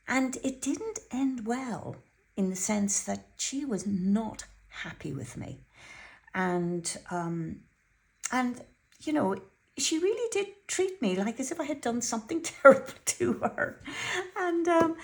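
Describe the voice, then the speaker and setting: A woman's voice: a little high, expressive, a little slow, creaky. A woman giving an earnest, chatty weekly tarot reading and telling a personal story, often repeating herself. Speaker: tarot reader.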